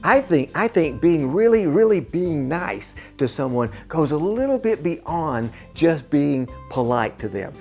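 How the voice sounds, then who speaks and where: A man with a gravelly, creaky voice tells a personal story slowly and earnestly. He pauses often and repeats himself as he works toward his point. Faint music plays behind him. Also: on the high side, a little mellow. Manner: slow, deliberate and earnest, with many pauses and repeats. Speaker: storyteller and channel host. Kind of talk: personal story told to camera.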